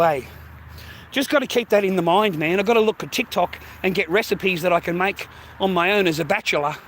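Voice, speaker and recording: A man's voice: sits high, a bit bright. A middle-aged Australian man chatting and swearing on a casual vlog while walking, calling viewers mate and bro. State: out of breath carrying a heavy bag. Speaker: vlogger. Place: outdoors walking in street. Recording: faint traffic noise outdoors.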